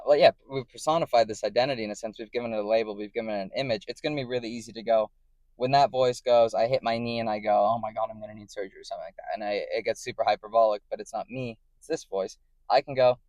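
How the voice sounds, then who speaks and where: In a mid-range, slightly mellow voice recorded without echo, a man rambles through a casual to-camera vlog monologue. He keeps correcting himself and checking in with the listener, often asking "right?".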